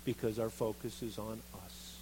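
A man preaching a sermon, reading scripture and acting out the quoted speakers with lively expression. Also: on the low side, normal speed, background noise. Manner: animated, acts out quoted voices of Jeremiah and God.

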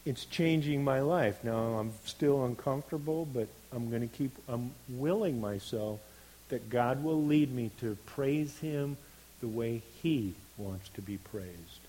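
A man preaching a sermon in an earnest, unhurried way, building to emphatic stresses on key words. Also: medium pitch, dark tone, poor audio.

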